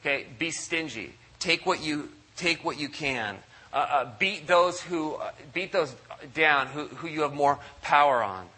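A man preaching a sermon at a church service, animated and acting out quoted voices. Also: a little slow, husky, rough recording. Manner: animated, acts out quoted voices with big pitch jumps. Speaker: pastor.

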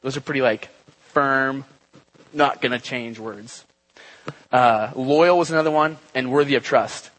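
A young man giving a relaxed, conversational church talk, with many fillers and asides. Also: medium pitch, a little slow, pauses often, low-quality recording. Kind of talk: casual sermon. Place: church gathering.

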